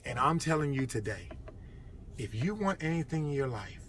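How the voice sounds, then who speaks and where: A middle-aged man talks straight to the viewer in a motivational vlog, energetic and emphatic, hammering home the same phrases again and again. His voice sits at an ordinary pitch for a man. A clear layer of noise runs behind him the whole time. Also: moderate pace. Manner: energetic, emphatic, repetitive preaching. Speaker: motivational speaker.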